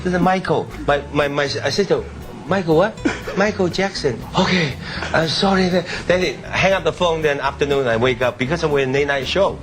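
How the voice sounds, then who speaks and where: A man guest telling a story on a talk show, halting and laughing as he goes. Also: on the high side, music in the background. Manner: halting, laughing, restarts a lot. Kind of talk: casual storytelling.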